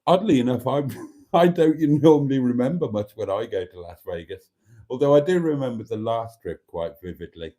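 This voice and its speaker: Theatrical man, lively mellow voice. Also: medium pitch, normal speed. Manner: theatrical, calls viewers darlings, mock-grand phrasing. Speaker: live-stream host. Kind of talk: casual live-stream chat reading viewer comments.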